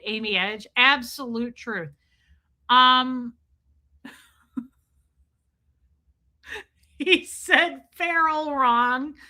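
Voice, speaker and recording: A woman hosting a casual livestream, telling a story in an animated, profane ranting way and answering chat comments. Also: on the high side. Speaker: livestream host.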